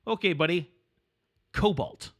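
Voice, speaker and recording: Husky, bright-voiced male podcast host. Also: on the high side, a little slow. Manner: teasing, joking. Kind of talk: casual comedic chat.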